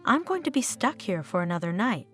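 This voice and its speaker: A woman's voice: mid-range voice, sing-song, brisk, fairly bright tone, faint music behind. A woman reading the lines of an irritable, short-tempered foreign woman tourist in a storybook narration. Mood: exasperated.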